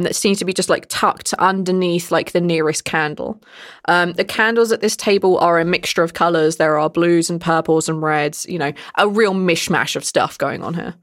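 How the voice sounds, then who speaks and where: A woman's voice: fairly low pitch, no echo. Give me a playful woman running a tabletop game, with a dry, close sound. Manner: descriptive, playful, often laughing. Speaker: game master.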